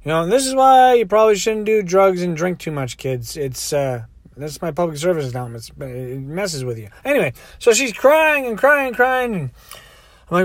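High-voiced man telling a rambling story. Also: expressive, moderate pace, no room sound, clean studio sound. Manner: rambling, acts out quotes. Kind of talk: casual storytelling.

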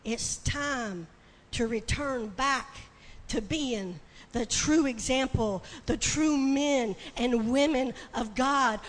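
A woman preaching a sermon with passion, building to shouting and tearful cries. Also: high-pitched, takes it slowly. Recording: long hall reverb, faint ambience.

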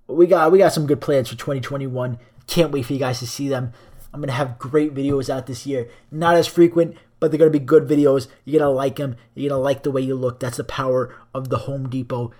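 A man's voice: mid-range voice, fairly even intonation, brisk, a little mellow. A young man hosting a solo podcast, rambling through a crude, profane comic rant into a cheap microphone. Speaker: podcast host.

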